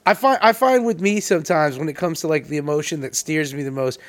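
A man's voice: a little high, fast talker. A man co-hosting a podcast, teasing crudely and stammering through restarts in casual banter. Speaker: podcast co-host.

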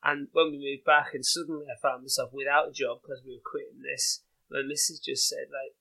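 A man's voice: mid-range voice, level tone, fairly quick, creaky, hardly any pauses, bright, forceful tone, poor audio. A British man in his forties, a guest telling stories in a casual interview, rambling with lots of fillers and laughing at his own anecdotes. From Britain. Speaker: guest runner.

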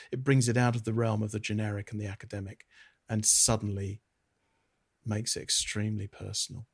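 Middle-aged British pastor, husky and low-pitched, earnest and reflective in interview. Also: male voice. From Britain. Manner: earnest, reflective, with frequent restarts. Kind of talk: interview answer on theology.

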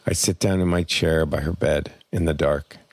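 Deep gravelly man reading a memoir. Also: fairly even intonation, moderate pace, darkish tone, dry recording. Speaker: memoir narrator.

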